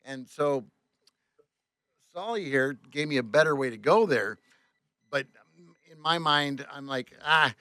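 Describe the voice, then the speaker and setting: A man telling a story as a tour bus driver on a podcast, animated, swearing often and acting out the other voices. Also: a little high, unhurried, long pauses, smooth, dry recording, studio quality. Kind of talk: casual storytelling.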